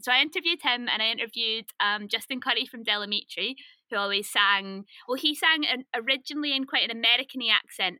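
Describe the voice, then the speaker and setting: A woman's voice: on the high side, sharp tone, dry recording. A woman chatting casually and upbeat as a podcast guest, laughing easily. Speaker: podcast guest discussing research. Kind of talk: casual chat.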